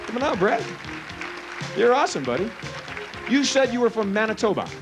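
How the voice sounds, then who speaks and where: A man's voice: sits high, big pitch swings, fairly quick, over music, a crowd in the background. Commanding man running a hypnosis stage show. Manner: commanding, giving playful hypnotic suggestions. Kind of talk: live stage show patter. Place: theater stage before a live audience.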